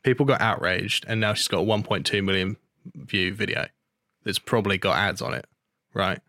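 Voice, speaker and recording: A man's voice: fairly low pitch, fairly even intonation, moderate pace, pushed and bright, dry recording, studio quality. A man, hosting a podcast and ranting in an outraged, sweary, sarcastic way. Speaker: podcast host. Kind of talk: ranting casual podcast talk.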